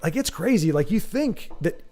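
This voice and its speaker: A man hosting a casual livestream, reading viewer comments aloud and rambling off on animated tangents with lots of restarts. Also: sits high, moderate pace. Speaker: livestream host.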